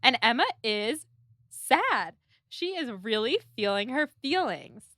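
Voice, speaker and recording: A chatty woman co-hosts a casual book podcast, recapping chapters with lots of "like" and quick laughs. Her voice is bright and forward, recorded close and dry. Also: fairly high pitch, big pitch swings, no room sound. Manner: chatty, laughing, many likes. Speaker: podcast co-host.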